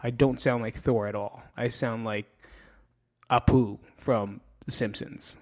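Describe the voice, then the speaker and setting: A man's voice: medium pitch, steady tone, a little slow, darkish tone. A middle-aged man hosting a casual monologue, joking and swearing as he mocks himself. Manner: profane, joking, self-mocking. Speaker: podcast host.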